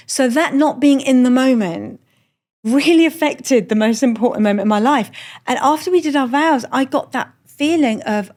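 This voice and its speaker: In a high, animated voice that's a little mellow and moderately paced, a middle-aged Iranian woman tells candid stories that poke fun at herself. She's a comedian guesting on a podcast aboard a moored boat, and she swears freely throughout the chat.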